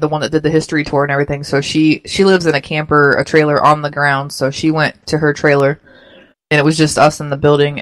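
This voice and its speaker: A woman co-hosting a radio show in casual chat, chatty and quick to laugh. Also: low-pitched, no room sound.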